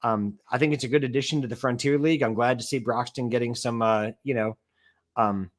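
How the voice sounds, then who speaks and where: A man co-hosting a casual sports stream explains things at length, leaning heavily on "I mean" and "you know." His mid-range voice stays steady and moves a little fast.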